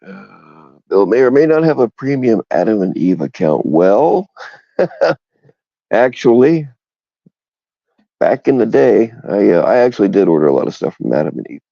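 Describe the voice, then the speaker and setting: A man's voice: fairly low pitch, big pitch swings, unhurried, gravelly, pauses often, mellow, dry recording, muffled recording. A man co-hosting a crude casual chat, rambling and frank, and he laughs often.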